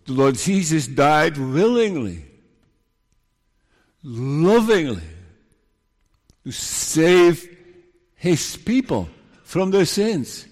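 Slow, solemn preacher man in a reverberant hall. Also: a little high, big pitch swings. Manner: slow, deliberate preaching with solemn hushed passages and emphatic rises. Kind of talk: sermon.

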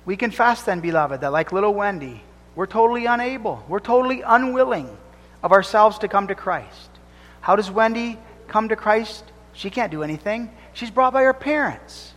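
A man's voice: high voice, animated, normal speed, a bit bright. A man preaching a sermon as pastor, fervent and emphatic, rising and falling as he drives points home. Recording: long reverb of a church hall.

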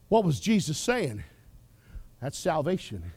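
Impassioned male preacher, high lively voice. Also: measured pace, no echo. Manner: impassioned, swings from loud declarations to hushed whispers. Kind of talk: sermon.

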